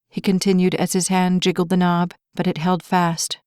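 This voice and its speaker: A woman narrating an inspirational romance audiobook in a clear, measured storytelling voice. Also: on the low side, steady tone, darkish tone, no room sound, studio quality.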